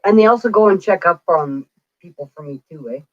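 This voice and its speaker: A woman's voice: fairly low pitch, animated, a little fast, no echo. A woman in her forties, a psychic streamer, telling stories in a chatty, rambling way and acting out what people said. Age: 40s. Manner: chatty, rambling, acts out quoted dialogue. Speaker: psychic livestreamer. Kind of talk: casual livestream storytelling. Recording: dull lo-fi dry sound.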